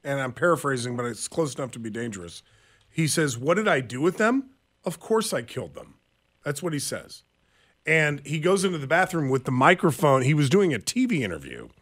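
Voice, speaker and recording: A man's voice: medium pitch, expressive, a little fast, a bit bright. A man co-hosting a talk show, playing devil's advocate in a teasing, skeptical way. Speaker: co-host. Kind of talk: casual talk show banter.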